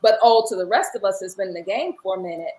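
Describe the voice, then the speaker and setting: A woman's voice: mid-range voice, fast talker, darkish tone, low-quality recording. A woman who teaches line dance and paints murals, chatting in an interview and acting out the dialogue in her stories. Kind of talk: casual interview storytelling.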